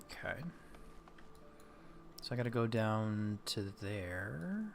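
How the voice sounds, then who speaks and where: A man's voice: fairly low pitch, sing-song, takes it slowly, creaky, slight background noise. A man streaming a video game, muttering to himself as he plays. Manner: muttering to himself while playing. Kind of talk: casual gameplay commentary.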